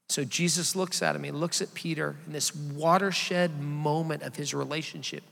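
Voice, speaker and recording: A man's voice: on the high side, steady tone, brisk, gravelly, few pauses, fairly bright tone. A man preaching a sermon as a pastor, talking conversationally and asking the congregation to call out answers. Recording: long hall reverb.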